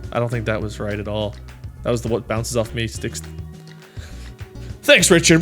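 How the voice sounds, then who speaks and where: A man reading viewer comments aloud and chatting casually, in a rambling, self-deprecating way with many fillers. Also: medium pitch. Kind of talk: casual chat.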